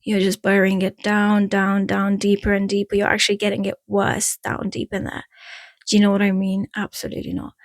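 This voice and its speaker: A woman's voice: medium pitch, monotone, fairly quick, no echo. A woman with an Eastern European accent giving frank, chatty breakup advice in a casual vlog, drifting off topic and laughing at herself. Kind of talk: casual direct-to-camera talk.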